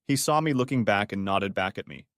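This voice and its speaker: A man narrating a story audiobook in a steady, expressive reading style. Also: fairly low pitch, fairly quick, dry recording, clean studio sound.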